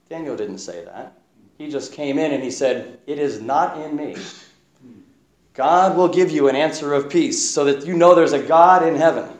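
A male preacher delivers a sermon in a gentle, reflective voice, now and then acting out what people in the story say. His voice sits at a middle pitch. It rings with the echo of a roomy hall. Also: normal speed. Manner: gentle, reflective, acts out quotes. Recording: echoey room.

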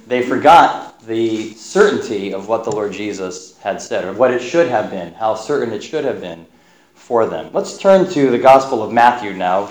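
A man preaching a sermon, reading and explaining Bible passages in a measured, thoughtful way. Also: medium pitch, a little mellow, echoey room, rough recording.

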